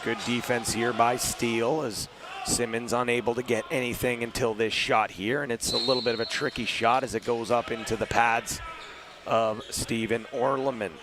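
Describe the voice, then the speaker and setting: A hoarse young man from Canada doing play-by-play commentary, calling goals with fast excitement. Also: medium pitch. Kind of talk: live sports commentary. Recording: noisy arena broadcast.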